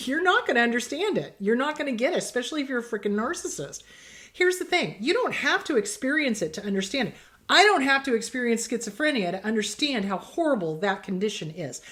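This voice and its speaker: A woman's voice: on the high side, a bit bright. A middle-aged woman therapist giving blunt, emphatic advice in casual talk, acting out quoted exchanges. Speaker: therapist host answering viewer questions.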